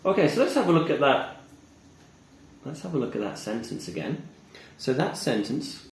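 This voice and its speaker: A man teaching English pronunciation, slowly modeling words and repeating examples. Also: medium pitch, sing-song, gravelly, a little hiss or hum. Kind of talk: pronunciation lesson. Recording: echoey room with faint ambience.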